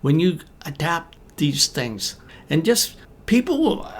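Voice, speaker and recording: A man teaching business English, talking to camera in an encouraging, conversational way with deliberate pauses. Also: on the high side, sing-song. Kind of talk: talking-to-camera coaching talk.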